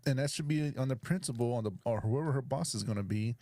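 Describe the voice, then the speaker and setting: A man talks through a reaction video in casual, opinionated commentary. His voice is mellow and dark-toned, and he sounds blunt and dismissive, circling back over the same points. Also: medium pitch, fast, no echo, studio quality. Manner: blunt, repeats himself, dismissive.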